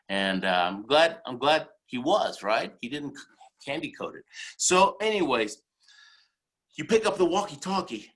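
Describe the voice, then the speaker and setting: A middle-aged man delivering a motivational keynote in a husky, slightly raspy voice. He tells his stories with animated energy and keeps checking in with the audience with "right?" and "okay?". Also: on the high side, moderate pace. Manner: animated storytelling, tags lines with "right?" and "okay?". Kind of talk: motivational speech.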